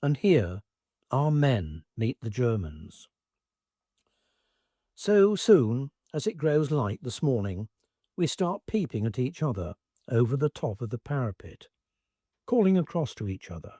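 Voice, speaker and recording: A man reading a first-person wartime memoir aloud as scripted narration, in an expressive, measured way. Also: medium pitch, slightly rough, no echo, clean studio sound.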